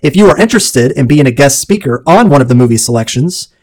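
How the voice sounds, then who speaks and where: A man hosting a solo podcast, talking in a wordy, theatrical way with punchy lists, and dropping low and slow when he quotes. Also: lively intonation, darkish tone, rough recording. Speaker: podcast host.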